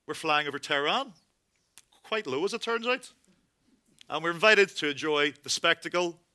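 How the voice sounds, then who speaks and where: A man from Northern Ireland performing a one-man stage monologue, telling a wry comic story that builds into panicked shouts. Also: mid-range voice, smooth. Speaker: solo theatre performer. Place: theatre stage.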